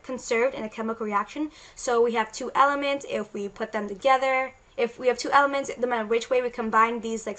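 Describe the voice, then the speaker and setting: A woman's voice: a little high, fairly bright tone, rough recording. A woman science teacher giving a casual recorded lecture, explaining chatty and loose with frequent restarts.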